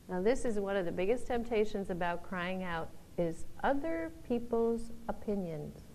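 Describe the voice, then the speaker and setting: A woman teaching from the Bible in an informal talk, laughing often and acting out the people she quotes in loud voices. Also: medium pitch, expressive, moderate pace, rough recording.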